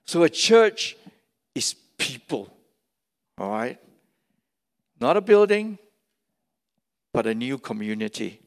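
A man delivering a sermon at an unhurried, deliberate pace, with a gravelly edge in his voice. He drives his points home by repeating key phrases. The sound carries a long reverb, as if from a large church hall. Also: medium pitch, very animated. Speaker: pastor.

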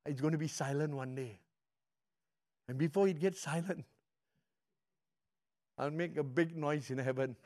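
A middle-aged man with a Malaysian English accent, preaching a sermon with animated storytelling that swings from loud to hushed. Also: on the high side, measured pace, long pauses. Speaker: pastor.

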